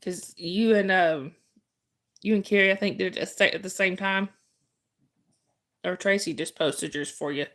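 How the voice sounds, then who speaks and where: A woman's voice: mid-range voice, moderate pace, pauses often, a bit bright. A woman hosting a casual livestream, telling a story and chatting with viewers, laughing often and restarting sentences. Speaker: livestream host. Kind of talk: casual live chat storytelling.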